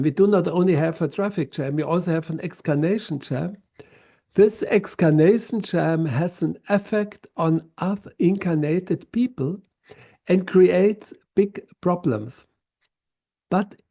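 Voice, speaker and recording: A man of about sixty with a German accent delivers a prepared lecture, slow and measured in pace. His voice sits rather high for a man yet sounds mellow and soft. The recording is a little dull and lo-fi. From Southern Germany.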